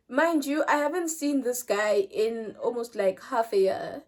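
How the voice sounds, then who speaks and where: A young woman with a South African accent telling a personal story in casual vlog chat, switching between loud bursts and quiet trailing phrases. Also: fairly high pitch, expressive, a little slow, hardly any pauses. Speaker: vlogger.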